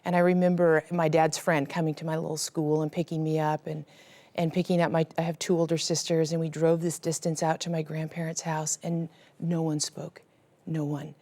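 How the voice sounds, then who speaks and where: A middle-aged woman giving an earnest, emotional personal testimony, her voice sinking to a hushed whisper at the painful moments. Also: sits low, level tone, brisk, no echo. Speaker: guest sharing her testimony.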